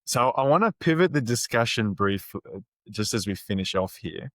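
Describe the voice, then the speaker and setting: A man with a fairly low voice hosts a podcast interview and sums up his guest's ideas in a thoughtful, conversational way. His voice is recorded close and dry, with no room sound. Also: expressive, normal speed, no room sound. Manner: thoughtful, summarizing the guest's points. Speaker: podcast host.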